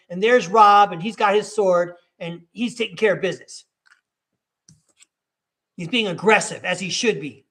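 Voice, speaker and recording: A man's voice: high voice, a little slow, a bit bright. A man hosting a live tarot reading in a casual, upbeat way, encouraging and speaking straight to his listener. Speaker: tarot reader and podcast host.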